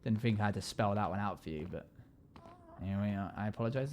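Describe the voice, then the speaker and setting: Male live streamer, casual and joking, mid pitch, loud comic outbursts. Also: normal speed, pauses often, slight background noise. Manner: jokey, chatty, bursts into loud playful yells. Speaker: game streamer. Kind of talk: casual live-stream chat while gaming.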